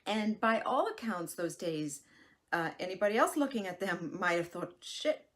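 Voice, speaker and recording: An expressive woman in her forties talks through a solo podcast episode. Her delivery is frank and reassuring, she slips into little acted-out voices of herself and others, and she drops to soft near-whispers at times. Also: fairly low pitch, normal speed. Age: 40s. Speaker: podcast host and life coach. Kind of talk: casual solo podcast talk.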